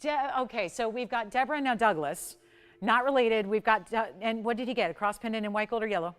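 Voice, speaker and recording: A woman's voice: on the high side, quick pace, clean tone. Gushing woman shopping channel host. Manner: effusive, gushing with exclamations. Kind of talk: live jewelry sales pitch. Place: TV studio.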